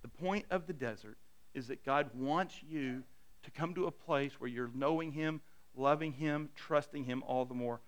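A middle-aged male pastor preaching a conversational sermon. He often repeats his first words and drops to a hushed voice to stress a point. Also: medium pitch, moderate pace.

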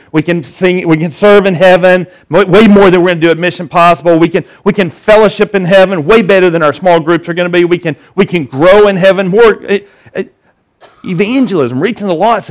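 A man preaching a sermon, animated and conversational, acting out the voices in the story and often restarting his sentences. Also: high voice, a little fast. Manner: animated, acts out scripture voices, many restarts. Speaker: pastor.

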